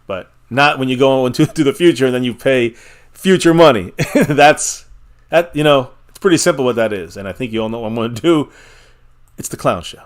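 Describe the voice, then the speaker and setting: A man's voice: medium pitch, lively intonation, a little fast. A man hosting a live fan stream, chatting casually and opinionatedly, rambling with restarts and chuckles. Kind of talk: casual sports fan chat.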